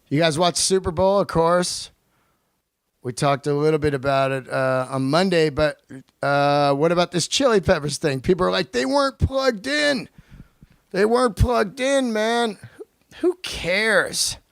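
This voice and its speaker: A male podcast host delivering a profane, animated comedic rant on his own. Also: high voice, smooth, no room sound, studio quality. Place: lives in Los Angeles.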